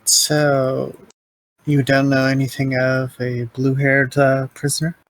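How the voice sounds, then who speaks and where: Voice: mid-range voice, little pitch movement, takes it slowly, no echo, rough recording. A player asking plain, polite questions in character at a tabletop game.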